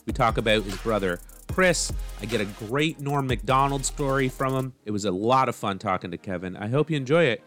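A man's voice: medium pitch, expressive, brisk, hardly any pauses, a bit bright, faint music behind. A man hosting a comedy podcast, introducing his guest and leading an interview. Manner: introduces guest then asks about stories. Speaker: podcast host.

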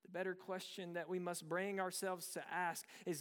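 Thirtysomething guy preaching, high clear voice, chatty storytelling, long echo like a big hall. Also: little pitch movement, normal speed, a bit bright. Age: 30s. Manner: conversational storytelling with rhetorical questions. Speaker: pastor. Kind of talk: sermon.

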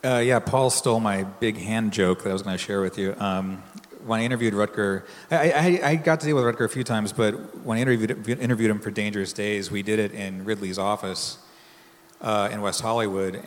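A man's voice: on the low side, big-room sound. A man on a panel, a documentary filmmaker relaxedly recalling past interviews. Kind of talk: panel talk.

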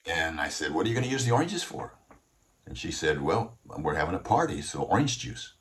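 A man's voice: sits low, big pitch swings, brisk. A man voicing a resourceful, eager young male employee who earnestly explains each step he took.

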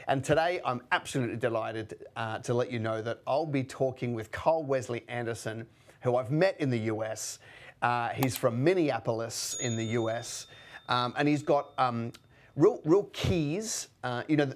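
Guy hosting a podcast, upbeat, lots of um and uh. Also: mid-range voice. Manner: upbeat, filler-heavy speech. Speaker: podcast host. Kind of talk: podcast introduction.

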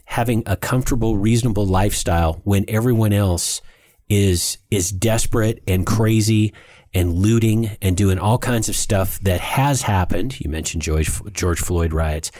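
Earnest low-voiced male podcast host. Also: normal speed, darkish tone, no echo. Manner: earnest, emphatic, repeats words. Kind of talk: casual podcast talk.

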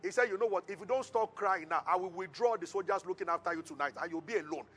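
High, bright-voiced preacher. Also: male voice, quick pace, slightly rough. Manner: storytelling preacher, animated retelling with call-and-response. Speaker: pastor. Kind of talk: sermon.

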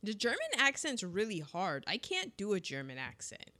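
A woman co-hosting a casual chat about films, talking emphatically and jumping up in pitch when excited. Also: moderate pace.

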